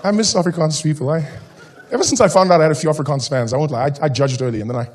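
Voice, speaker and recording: South African stand-up comedian, high voice. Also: male voice, very fast, slight background noise. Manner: animated storytelling, acts out characters.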